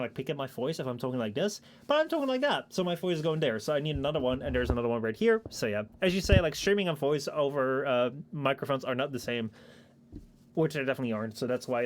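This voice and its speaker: Fast-talking young male streamer. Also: medium pitch, a little hiss or hum. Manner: rambling, filler-heavy, swears casually. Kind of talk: casual chat stream. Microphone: shotgun microphone at a streaming desk.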